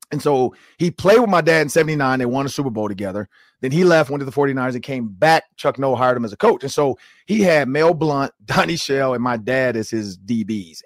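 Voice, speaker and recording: A man in his forties hosts a sports podcast, spinning long stories and acting out what people said, full of "like" and "man." His voice sits at an ordinary pitch. The recording is dry and close, with little room sound. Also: no echo. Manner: animated storyteller, acts out quotes with lots of "like". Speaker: podcast host. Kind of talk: casual sports chat.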